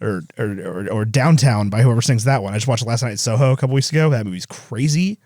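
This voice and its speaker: A man's voice: mid-range voice, darkish tone, dry recording. Male podcast co-host, chatty and rambling, recorded close and dry. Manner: fast, rambling, laughs while telling stories. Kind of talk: casual chat.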